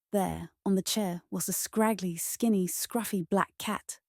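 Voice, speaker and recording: A woman narrating a children's storybook in a gentle, measured read-aloud manner. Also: medium pitch, steady tone, creaky, no room sound, clean studio sound.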